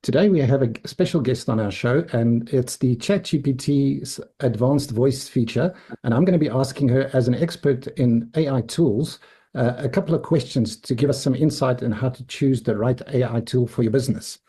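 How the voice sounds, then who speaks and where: A man's voice: mid-range voice, normal speed, dark tone. A man hosting a weekly AI business webinar, giving a loose, unscripted walkthrough of screens as he talks. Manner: loose, unscripted delivery that walks through screens on the fly. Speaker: host of a weekly AI business meetup. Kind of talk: informal webinar presentation.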